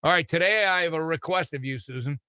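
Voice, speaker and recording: Wisecracking older radio host, bright voice. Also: male voice, fairly high pitch, quick pace, clean tone, dry recording. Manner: wisecracking, jokey delivery. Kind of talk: morning radio comedy chat. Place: radio studio.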